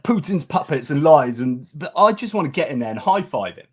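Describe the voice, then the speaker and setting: Excitable man ranting. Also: fairly high pitch, fairly quick, few pauses, husky. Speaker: host. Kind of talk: animated commentary.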